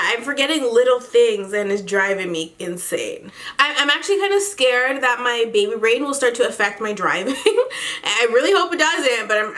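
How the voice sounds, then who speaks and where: A woman's voice: fairly high pitch, bright, forceful tone. A young pregnant woman gives a casual update to her viewers. She is slangy and chatty and laughs often. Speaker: vlogger.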